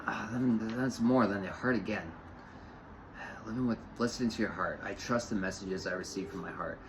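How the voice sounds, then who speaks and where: A man's voice: on the low side, moderate pace, background noise. A man giving an off-the-cuff spiritual talk, rambling and repeating phrases with lots of fillers. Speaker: spiritual host.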